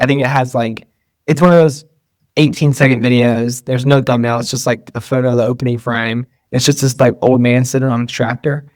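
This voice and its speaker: A man's voice: mid-range voice, dry recording. A man being interviewed as a guest, talking casually and rambling, with lots of fillers and restarts. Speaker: guest entrepreneur.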